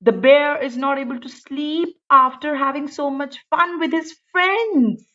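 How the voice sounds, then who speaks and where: A woman teacher reads a picture book aloud in an expressive, sing-song way and asks her listeners many questions. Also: high voice, a little slow. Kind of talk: storybook read-aloud lesson. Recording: dull lo-fi recording.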